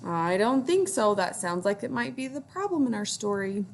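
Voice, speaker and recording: A woman's voice: mid-range voice, big pitch swings, moderate pace, a little hiss or hum. A woman teacher reading a picture book aloud to young children, encouraging them to join in.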